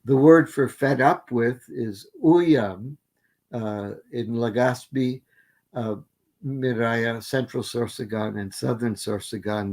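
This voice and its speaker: A man's voice: medium pitch, darkish tone. An older man giving an academic plenary lecture, methodically listing word forms with frequent fillers and restarts. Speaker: linguistics lecturer.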